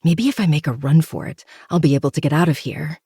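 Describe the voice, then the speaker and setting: Brief: host narrating a novel, mellow dark tone, steady intimate delivery. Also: mid-range voice, fast talker, slightly rough, no echo, studio quality. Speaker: podcast host reading a novel. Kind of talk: first-person audiobook narration.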